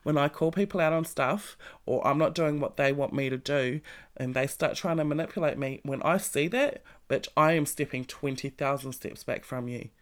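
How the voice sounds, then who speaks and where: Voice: mid-range voice, normal speed. A vlogger giving a blunt, profane motivational talk straight to the listener, full of pointed questions. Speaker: self-help vlogger. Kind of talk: motivational monologue to camera.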